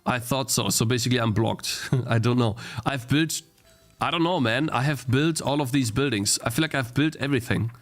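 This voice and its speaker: A man's voice: mid-range voice, moderate pace, fairly bright tone, soft background music. A young man streaming a game he is playing, thinking aloud, restarting his sentences and getting easily frustrated. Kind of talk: live-stream gameplay commentary.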